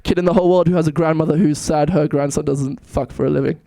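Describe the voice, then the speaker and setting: A man's voice: a little high, steady tone, quick pace, dark tone, dry recording. A young man in his twenties from South Africa, doing a nervous, self-deprecating stand-up comedy set. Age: 20s. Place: comedy club stage.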